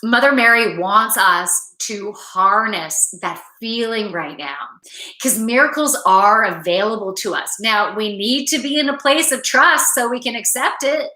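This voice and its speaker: A woman's voice: fairly high pitch, measured pace, pushed and bright, roomy sound, poor audio. Chatty tired woman reading cards. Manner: chatty and rambling, laughs at herself. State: tired from little sleep. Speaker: tarot card reader. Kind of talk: casual spiritual card reading.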